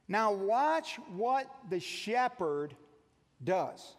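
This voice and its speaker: Preaching in a high-sitting voice at a slightly slow pace, a pastor poses question after question to the congregation, alternating forceful emphasis with quiet asides. His words echo with the long reverb of a big hall.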